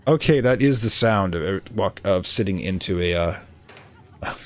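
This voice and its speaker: A man's voice: sits low, expressive, takes it slowly, a little hiss or hum. Musing man streaming a story game. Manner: musing, thinking aloud. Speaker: let's play streamer. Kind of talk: live game commentary and reading aloud.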